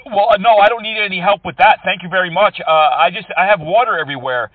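A man's voice: sits high, quick pace, dry recording, far from the mic. A man making a prank phone call, complaining with mock indignation and needling the person on the line. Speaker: prank caller trolling scammers.

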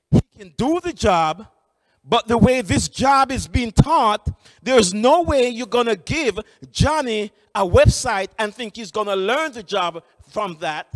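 Male trainer, high lively voice, animated storyteller, reverberant hall. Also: clean studio sound. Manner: animated storytelling, many restarts. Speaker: employment trainer. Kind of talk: training lecture with stories.

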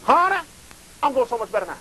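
A man's voice: very high-pitched, very animated, quick pace, sharp tone, slight background noise, rough recording. A man hosting a live call-in show, talking in a theatrical, preachy way and calling callers "honey".

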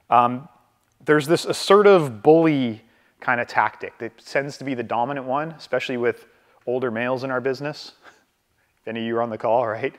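Over a video call, a Canadian man leads a live real estate training from a large hall, speaking in a mid-range voice. His delivery is chatty, peppered with "right?", and he intentionally slows his pace to demonstrate calmness.

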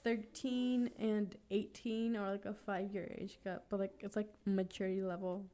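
A teenage girl talking with friends in a mid-pitched voice. She rambles on as she explains her point, stacking up fillers. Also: little pitch movement, moderate pace, dark tone. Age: teens. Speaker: podcast co-host. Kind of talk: casual chat.

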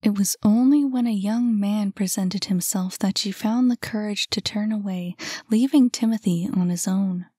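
A woman narrating a novel aloud in a soft, calm voice. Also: medium pitch, husky, no echo, clean studio sound. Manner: soft, calm, unhurried reading. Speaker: audiobook narrator. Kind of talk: scripted narration.

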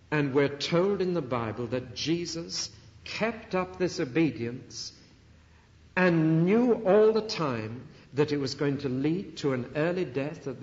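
Earnest male preacher in a reverberant hall. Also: fairly high pitch. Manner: earnest, emphatic preaching with dramatic pauses. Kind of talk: sermon. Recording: dull archival sermon recording in a reverberant hall.

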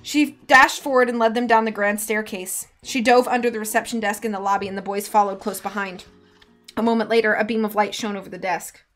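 A woman's voice: medium pitch, steady tone, fast talker, a bit bright, soft background music. A woman reading a storybook aloud on a live stream, chatting with her viewers in between.

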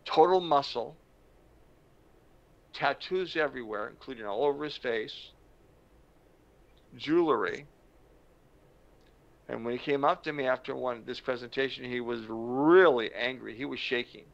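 Gravelly-voiced man telling a story. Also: medium pitch. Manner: slow, dramatic storytelling with emphatic pauses. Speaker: motivational speaker. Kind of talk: storytelling talk to camera. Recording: dull lo-fi sound.

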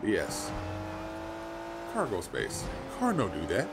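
A man's voice: mid-range voice, sing-song, moderate pace, very noisy. A man commentating a video game as he plays, bantering in a profane, playfully exasperated way. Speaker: gameplay commentator. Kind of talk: let's play banter.

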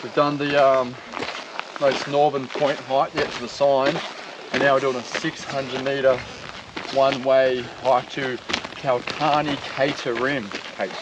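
A man's voice: mid-range voice, flat delivery, unhurried, muffled recording. A man chatting playfully on camera while hiking outdoors with a friend. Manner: playful, laughing. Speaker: riding companion. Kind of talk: casual chat. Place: outdoors on a bush hike. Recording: loud wind noise outdoors.

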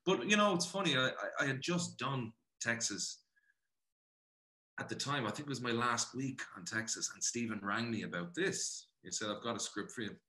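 Energetic man with a roomy echo. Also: mid-range voice, normal speed. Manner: animated, frequent "you know" and "brother". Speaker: actor, interview guest. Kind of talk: casual interview chat.

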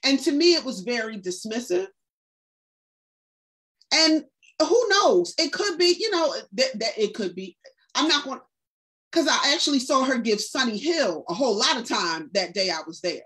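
A woman in her forties with a fairly high voice tells stories in a relaxed, colloquial way, like a guest at a book discussion. She slips into the voices of the people she quotes, and her pitch leaps when she does. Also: normal speed. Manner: casual and vernacular, acts out quoted speech with lively pitch jumps. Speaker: author and educator, discussion guest. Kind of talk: conversational storytelling in a book discussion.

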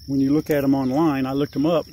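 Quick and flat in delivery, with a warm mid-range voice, an older man rambles through his outdoor farm vlog and fondly coaxes his animals. A little hiss or hum and faint insects and crickets fill the background.

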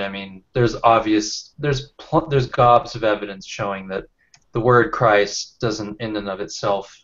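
Halting man leading a video-call book discussion. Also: lowish voice, muffled recording. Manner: halting, many fillers and restarts. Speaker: discussion leader. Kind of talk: casual online book discussion. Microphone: webcam or computer mic on a video call.

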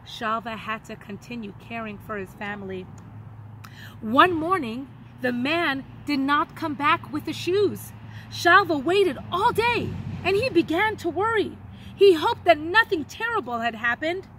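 A woman teacher reading a children's story aloud in an expressive, dramatic way. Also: high voice, measured pace, a little hiss or hum, rough recording.

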